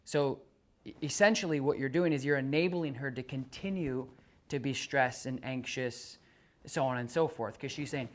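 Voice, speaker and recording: A man's voice: medium pitch, moderate pace. A man working as a dog trainer, explaining to a client in an earnest way, often restarting his sentences and acting out what the dog and owner say.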